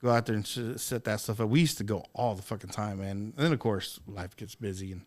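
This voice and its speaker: A man in casual podcast chat, telling a fishing story with lots of profanity and lively acted-out exclamations. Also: fairly low pitch, brisk. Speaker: podcast participant.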